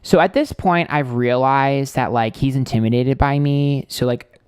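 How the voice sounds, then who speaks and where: A young man chatting on a livestream in a smooth, clear voice at a middle pitch. He tells gossip bluntly and sarcastically, tossing in lots of fillers. The sound is dry and close. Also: moderate pace, a little mellow, dry recording. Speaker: tarot reader and livestream host. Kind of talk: casual livestream storytelling.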